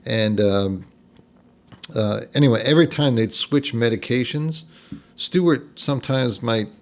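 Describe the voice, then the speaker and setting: A man's voice: mid-range voice, measured pace. Older jersey guy rambling through a family story on a podcast, lots of ums and so-anyways. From New Jersey. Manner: rambling, lots of fillers and restarts, laughs at his own story. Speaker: podcast guest. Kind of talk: casual storytelling.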